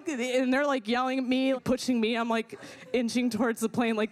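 A young woman telling a personal story in an animated way, full of fillers and swearing, often laughing as she talks. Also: a little high, normal speed. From not from America.

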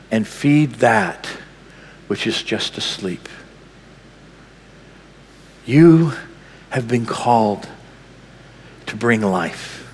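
A man's voice: on the low side, a little hiss or hum. Impassioned male preacher in a reverberant hall. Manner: impassioned, swings from loud to hushed. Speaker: pastor. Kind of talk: sermon.

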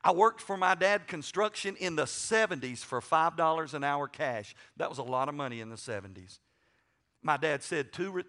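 A middle-aged man preaching a sermon, folksy and joking, swinging from loud to quiet asides. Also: mid-range voice. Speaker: pastor.

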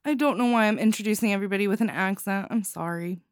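A woman giving casual spoken reviews of anthology stories, giddy and quick to laugh, sometimes stumbling over her words. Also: medium pitch, smooth, dry recording, clean studio sound.

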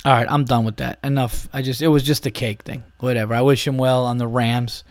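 A man's voice: mid-range voice, little pitch movement, a little fast, dry recording. A man hosting a podcast, ranting in a casual, profane, exasperated way with many restarts. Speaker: podcast host.

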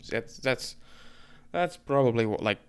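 A young man from Egypt, telling a story in a casual, profane, rambling rant full of fillers and quick bursts. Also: medium pitch, animated, smooth.

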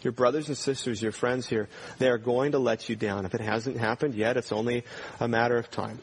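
A man's voice: mid-range voice, fairly even intonation, brisk, slight background noise. Earnest male pastor preaching. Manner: earnest, direct questions to the congregation. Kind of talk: sermon.

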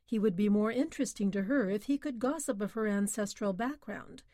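A woman narrates a classic short story in a measured, expressive way. Her voice sits at a middle pitch. The recording is dry and close, with no room around it. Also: no room sound. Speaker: audiobook narrator. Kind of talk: scripted narration.

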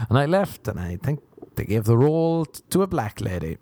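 A man's voice: lowish voice, expressive, normal speed, mellow, no echo. An Irish man telling rambling, self-mocking comic stories, repeating words for effect. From Ireland.

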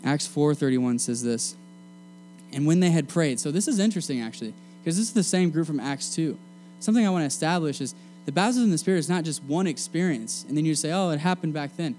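Young guy preaching to a room, laid back and punchy, slightly high warm voice, quiet music under it. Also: fast talker. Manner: casual and energetic, slangy preaching. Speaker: student preacher. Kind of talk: sermon. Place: meeting room.

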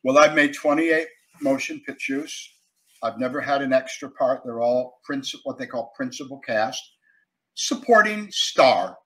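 An older man, a guest actor and author, telling stories in a casual interview, animated and emphatic, swinging between loud and quiet. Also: mid-range voice, measured pace, poor audio.

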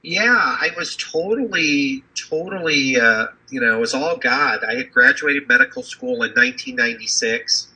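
Husky, bright-toned man telling a story. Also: medium pitch, normal speed, hardly any pauses, rough recording. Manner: rambling, many fillers and restarts. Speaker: physician and family business executive. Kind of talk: conversational interview storytelling.

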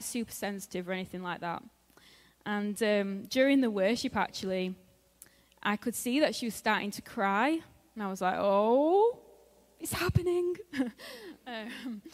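A woman giving a sermon in a church in a conversational way, laughing often and acting out what her friends said. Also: medium pitch. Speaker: preacher. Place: church hall. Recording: long hall reverb.

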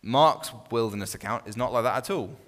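A man talks briskly at a medium pitch while teaching a small Bible study group in a casual, conversational manner. He regularly restarts phrases and puts questions to those listening, and the recording has a long room reverb.

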